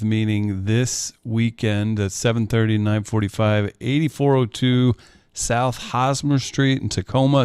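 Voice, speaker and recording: A man's voice: medium pitch, darkish tone, clear, resonant tone, dry recording, clean studio sound. A man working as the show's producer, reading out event details in a matter-of-fact way.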